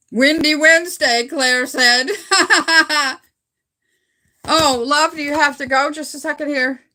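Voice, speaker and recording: A middle-aged Canadian woman hosts a livestream from home on her phone, chatting loosely with viewers, rambling and laughing a lot. Her voice sits at a medium pitch and sounds pushed and bright.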